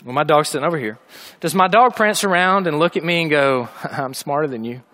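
A man preaching a sermon, telling a funny dog story with lively asides before turning earnest. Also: fairly high pitch, fairly quick, slight background noise. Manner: animated storytelling, humorous asides.

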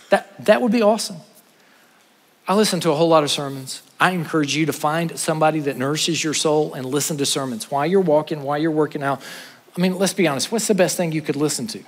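A man, a pastor preaching an earnest sermon to his congregation, trading quick asides for slow, stressed points. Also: on the high side, in a large hall. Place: church sanctuary.

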